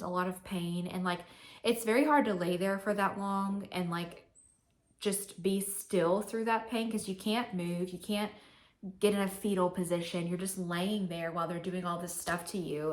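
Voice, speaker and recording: A woman's voice: lowish voice, a bit bright. A young woman vlogging to camera, telling a personal story in a chatty, candid way with many fillers.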